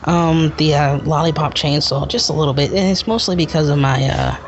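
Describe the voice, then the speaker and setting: A man hosting a casual podcast, joking and excitable, talking in loose rambling bursts. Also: fairly high pitch, fairly quick, slight background noise. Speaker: podcast host. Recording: muffled lo-fi recording.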